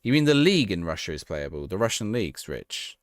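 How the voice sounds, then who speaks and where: Low-voiced man streaming a football game. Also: big pitch swings, a little fast, dry recording, studio quality. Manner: chatty, thinks aloud and reacts to the game, talks to chat. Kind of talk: casual live-stream chat.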